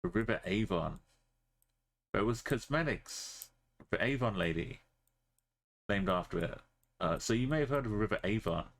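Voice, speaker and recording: Low-pitched man, streamer, casual gaming commentary, rambling jokey asides. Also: animated, normal speed, creaky, pauses often, fairly bright tone. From Britain.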